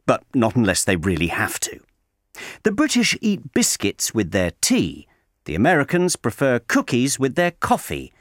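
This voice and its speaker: Male correspondent, scripted learner-audio read, wry and measured, very lively pitch, dry close sound. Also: no echo. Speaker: correspondent reading a regular letter. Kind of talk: scripted narration for English learners.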